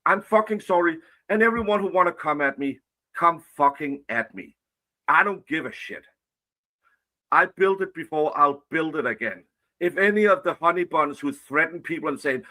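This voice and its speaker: A man's voice: a little high, expressive, normal speed, pushed and bright. A man on a played clip, ranting angrily and profanely, confronting his critics. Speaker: online commentator. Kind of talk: angry rant.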